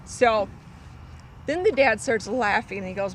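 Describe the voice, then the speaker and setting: Woman, casual storytelling, animated, child voices put on, slightly high, lively pitch, faint outdoor noise. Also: unhurried, low-quality recording. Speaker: storyteller guest on a vlog.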